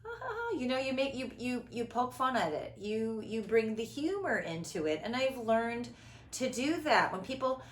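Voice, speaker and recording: Middle-aged woman, loud and theatrical, lively high voice, roomy sound. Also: normal speed, a little hiss or hum. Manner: loud, dramatic, big inflection, laughs often. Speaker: host. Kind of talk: casual conversation. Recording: echoey room.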